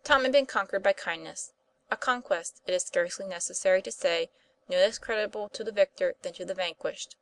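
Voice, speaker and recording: A woman reading an old-fashioned children's story aloud in steady narration. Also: mid-range voice, fairly quick. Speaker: audiobook reader. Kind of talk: scripted narration.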